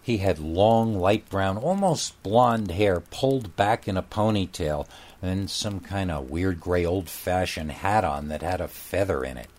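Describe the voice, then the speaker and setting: A man's voice: low voice, lively intonation, measured pace, a little mellow. A man narrating a first-person story in a casual, wry storytelling manner.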